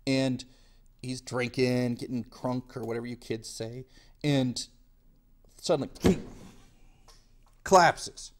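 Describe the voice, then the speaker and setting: A man's voice: mid-range voice, takes it slowly, long pauses. A male history teacher giving a casual video lecture in a jokey style full of slang.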